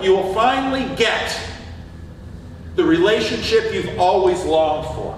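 A man's voice: high-pitched, lively intonation, unhurried, pauses often, a little hiss or hum. A man preaching a sermon as pastor, asking his listeners rhetorical questions. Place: church sanctuary. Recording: echoey church hall from far off.

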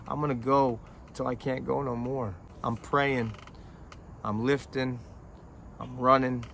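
A man's voice: mid-range voice, flat delivery, vocal fry, a bit bright, a little hiss or hum. Emotional, profane man talking to fans. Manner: emotional, profane, halting with many restarts. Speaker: independent rapper talking to fans. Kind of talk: heartfelt, rambling direct-to-camera talk.

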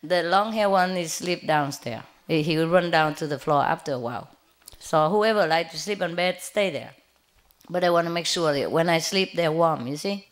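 A woman's voice: sits low, normal speed. A woman spiritual teacher giving an informal talk, chatty and rambling, telling personal stories and laughing often. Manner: rambling with frequent fillers and restarts. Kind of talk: informal lecture with personal anecdotes.

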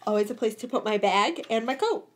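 A woman's voice: on the high side, lively intonation. A young woman co-hosting a podcast, joking and laughing in casual chat. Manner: playful, laughs a lot, quick jokes. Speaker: podcast co-host.

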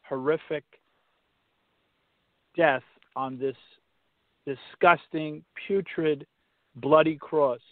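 A man on a podcast telling a faith story casually, halting and restarting, turning preachy when he quotes scripture. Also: on the high side, no room sound. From Massachusetts. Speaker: podcast guest. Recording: tinny phone-line sound, dry.

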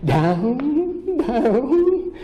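A man narrating a children's story in the first person, playful and animated, with sound effects. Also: very high voice, extremely slow, in a large hall, muffled recording, slight background noise.

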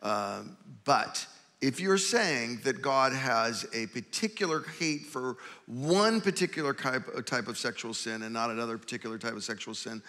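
A man's voice: medium pitch, animated, moderate pace, bright, forceful tone. A man, a pastor, moderating a church conference panel and speaking earnestly to the audience. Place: large church hall. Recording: long hall reverb.

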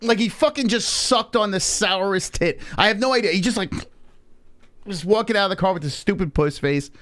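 Profane, animated New man. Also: high-pitched, fairly quick, no room sound. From New York. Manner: animated, profane, acts out quoted voices. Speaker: podcast host. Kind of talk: casual storytelling on a live stream.

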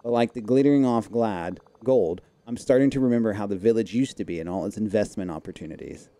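A man reading aloud the lines of a miserly old male cartoon duck tycoon from a game, in a lowish voice. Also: fast talker, mellow, close to an everyday voice. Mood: plain reading.

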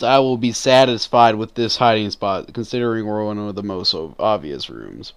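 A man giving relaxed gameplay commentary, often mumbling to himself. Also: fairly low pitch, moderate pace, clean tone. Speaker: gamer.

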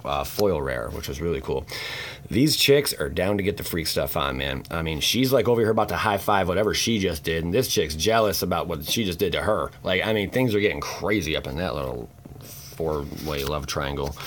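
A man chatting casually while opening card packs, excitable and goofy, with rambling asides and hushed whispers when he gets tense. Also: deep voice, a little hiss or hum. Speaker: card pack opening host.

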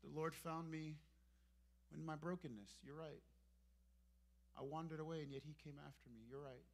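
A man from Brooklyn, New York, in his thirties, preaching a sermon in a church and swinging between hushed, intimate moments and emphatic ones. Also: fairly high pitch, fairly even intonation, normal speed. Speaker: pastor. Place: church sanctuary.

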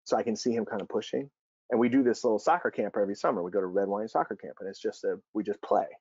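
Gravelly low man, earnest talk. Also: fast talker, darkish tone, dry recording. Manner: earnest, storytelling, acts out quoted dialogue. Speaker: speaker on youth sports and child development. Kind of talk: presentation with personal stories. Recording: dull, slightly lo-fi dry recording.

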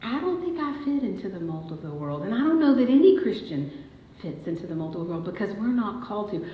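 A woman's voice: medium pitch, very animated, fast. Lady preacher telling a story then getting fired up, mid voice, dull echoey church sound. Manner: storytelling, rising to emphatic declarations. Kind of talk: sermon. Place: church sanctuary.

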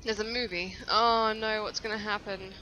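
Bright-voiced woman swearing at her game. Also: medium pitch, fairly even intonation, normal speed, soft background music. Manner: profane, reacts loudly, insults her character. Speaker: gameplay commentator. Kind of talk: casual let's-play commentary.

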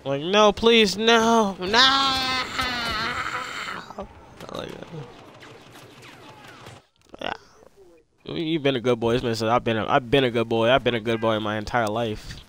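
A young man, commenting on his own gameplay casually, excitable, repeating himself and yelping when attacked. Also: medium pitch, normal speed, long pauses, a little hiss or hum. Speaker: gameplay streamer.

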